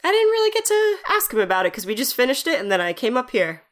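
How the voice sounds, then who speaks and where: A woman's voice: sits high, quick pace. A woman co-hosting a podcast, chatting casually and laughing about a movie. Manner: relaxed, chatty, laughs a lot. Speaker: podcast co-host. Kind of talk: casual movie review chat.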